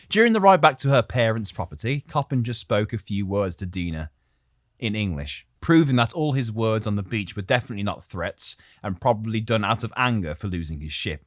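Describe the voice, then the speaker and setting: A man's voice: fairly low pitch, no room sound. Man, podcast co-host, casual storytelling, jokey, laughing, rambling, dry close recording.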